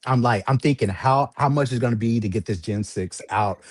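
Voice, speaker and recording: A husky-voiced man tells a story in a casual, animated way. He laughs often and pitches his voice way up when he quotes people. His voice is close and dry, with no room sound around it. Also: fairly quick, no echo. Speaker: livestream host telling a story.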